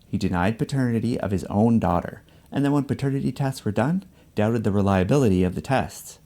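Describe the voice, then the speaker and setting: A man giving measured, scripted narration for an explanatory video essay. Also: fairly low pitch, mellow.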